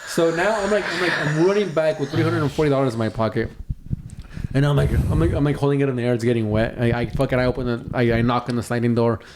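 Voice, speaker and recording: A young man co-hosting a podcast, telling a long, animated story full of swearing and acted-out voices. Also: mid-range voice, fast, background noise. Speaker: podcast co-host. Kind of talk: casual storytelling.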